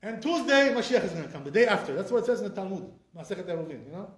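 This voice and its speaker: A man's voice: high-pitched, rapid-fire, reverberant. A man, a rabbi teaching an informal Torah class with conviction and lots of fillers. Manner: animated, repetitive fillers, speaks with conviction.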